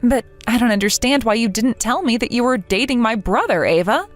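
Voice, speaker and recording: A woman's voice: fairly high pitch, animated, a little fast, faint music behind, close to an everyday voice. A woman voicing a young woman in a text-message story who is betrayed by her friend, earnest, bewildered and hurt. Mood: heartfelt.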